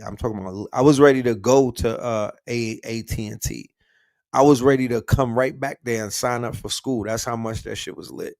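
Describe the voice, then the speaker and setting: Brief: male streamer, mid-pitched, loose slangy chat, close dry mic. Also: no room sound. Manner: slangy, shouting out viewers' cities. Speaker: livestream host. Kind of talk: casual livestream chat.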